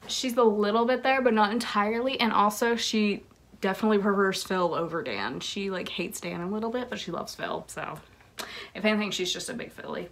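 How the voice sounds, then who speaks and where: Showing off fan merchandise from her bedroom, a young vlogger rambles casually, giggles a lot and leans heavily on "like." She has a mid-range, gravelly voice and talks fairly quickly.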